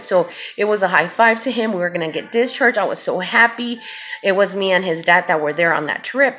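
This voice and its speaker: A woman's voice: mid-range voice, lo-fi sound. A mother speaking to her viewers, telling an emotional personal story and often calling them "guys". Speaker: vlogger and mother.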